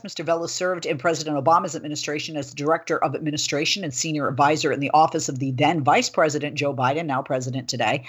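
A woman's voice: low-pitched, slightly rough. Chatty woman talk radio host. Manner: chatty, animated storyteller. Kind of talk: political talk show chat.

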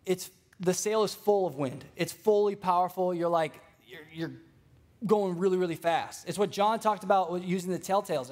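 Animated young man preaching a sermon. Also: a little high. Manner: storytelling, animated, addresses congregation directly.

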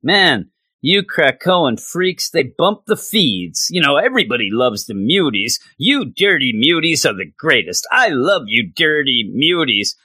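A man doing a brash, high alien showman. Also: sing-song, unhurried, pushed and bright, husky, no echo, studio quality, heavily acted. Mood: gloating. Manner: brash, mocking, slangy. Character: gloating loudmouth alien showman boss, male.

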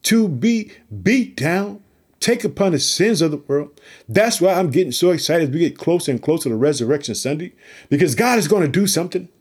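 A man's voice: a little high, expressive, fairly quick, darkish tone, breathy edge. A man preaching through a psalm, reading verses aloud and urging listeners he calls family to trust and pray. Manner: repeats catchphrases between verses. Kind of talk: Bible teaching talk.

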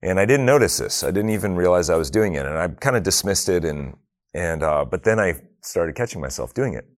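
A man's voice: sits low, expressive, a little fast, dry recording, studio quality. A middle-aged man leading a prayer, then telling personal stories with humor and earnest reflection at a faith talk. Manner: humorous, earnest, acts out family dialogue.

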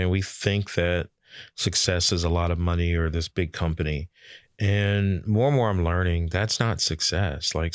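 Low-pitched man, blunt and swearing, casual podcast co-host, dry close sound. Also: dry recording. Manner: blunt, swears, rises to loud emphatic peaks.

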